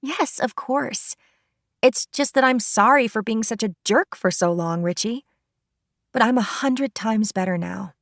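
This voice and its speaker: A woman's voice: on the high side, unhurried, fairly bright tone, dry recording, studio quality, voice pushed up. A woman voicing an earnest young bride. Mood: tender. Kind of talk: audiobook character voice.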